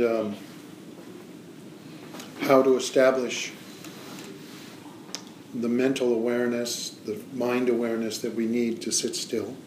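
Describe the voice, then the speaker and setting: A man leading an informal meditation talk, speaking in a relaxed, hesitant way with frequent pauses. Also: medium pitch. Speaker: meditation teacher. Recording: echoey room with faint noise.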